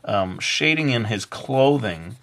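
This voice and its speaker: A man narrating a drawing tutorial in a halting, easygoing way, with many filler words and light jokes. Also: mid-range voice, animated, fairly bright tone. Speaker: drawing instructor.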